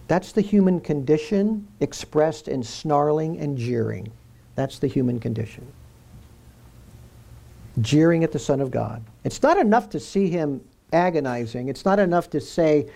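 A man's voice: a little high, animated, measured pace, vocal fry, dark tone. A man preaching a sermon in an earnest way, repeating key phrases for emphasis.

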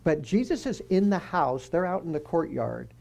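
A man's voice: fairly high pitch, sing-song, normal speed, vocal fry, darkish tone. A man giving a conversational Bible teaching. He quizzes his listeners and drops joking asides as he walks through the passage.

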